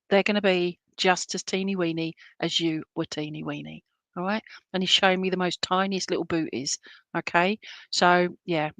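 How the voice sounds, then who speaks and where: A woman giving a chatty, reassuring clairvoyant reading as a spiritualist medium, slipping into soft whispered asides. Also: on the low side, no echo. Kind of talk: live online clairvoyant reading.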